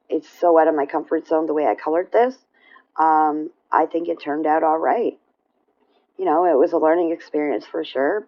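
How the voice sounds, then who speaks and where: A woman with a low voice chats casually to her viewers about her coloring pages. She rambles with plenty of fillers and keeps clearing her throat. The home recording sounds dull and lo-fi. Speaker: coloring vlogger. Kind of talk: casual show-and-tell chat.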